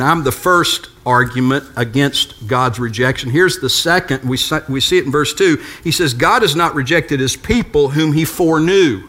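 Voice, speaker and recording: A man's voice: medium pitch, fairly bright tone. An older man preaching a sermon as a pastor, conversational and storytelling with touches of humor.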